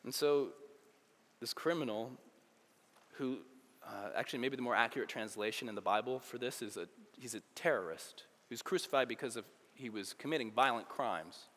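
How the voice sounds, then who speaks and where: A man's voice: mid-range voice, moderate pace, fairly bright tone. A young adult man, a youth pastor, preaching a casual, conversational sermon in a church hall. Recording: long hall reverb.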